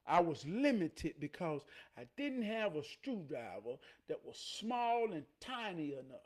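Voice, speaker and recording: A man telling a personal story as a life lesson. He swings between loud, animated bursts and low, quiet asides. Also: a little slow, hardly any pauses. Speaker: motivational vlogger.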